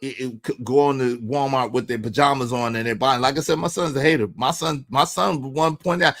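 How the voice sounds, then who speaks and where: A man's voice: medium pitch, fairly even intonation, fairly quick, few pauses, fairly bright tone. A man hosting a livestream who talks in a preachy, emphatic way and repeats lines for effect. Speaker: livestream host. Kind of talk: opinionated streaming rant.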